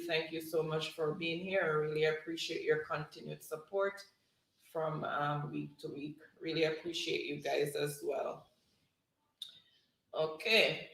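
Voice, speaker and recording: A woman hosting a livestream, reading chat messages aloud and calling out spelling words one at a time. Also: low voice. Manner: warm thanks, slow word-by-word calling of spelling words. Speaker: livestream host. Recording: roomy echo.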